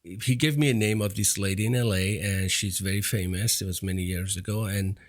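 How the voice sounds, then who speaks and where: A man's voice: sits low, steady tone, brisk. Accented man hosting a podcast. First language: not English. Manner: accented English, many "you know" fillers and restarts. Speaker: podcast host. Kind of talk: casual interview chat.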